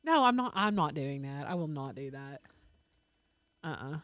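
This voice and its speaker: A woman co-hosting a casual chat, chiming in and agreeing in a lively way. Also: deep voice, normal speed, no echo. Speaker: co-host.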